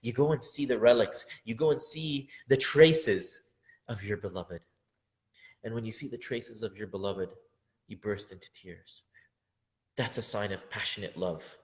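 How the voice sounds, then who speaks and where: A man's voice: fairly low pitch, a little slow. A man teaching a religious lesson on a poem, speaking with feeling and rising to emphatic peaks. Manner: impassioned, building up to loud emphatic peaks, sometimes half-singing verses.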